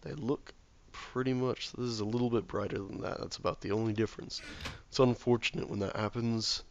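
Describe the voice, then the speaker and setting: A hoarse, ill man talking himself through a game, often muttering softly or near a whisper. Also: medium pitch, steady tone, brisk, muffled recording, slight background noise. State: hoarse from illness. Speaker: gameplay video maker. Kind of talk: relaxed gameplay commentary.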